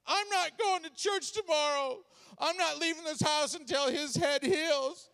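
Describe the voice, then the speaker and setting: A woman's voice: high voice, unhurried, fairly bright tone, long reverb tail, pitched above the performer's own voice. A man voicing his panicked young wife, breathless and tearful after waking from a nightmare. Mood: adamant.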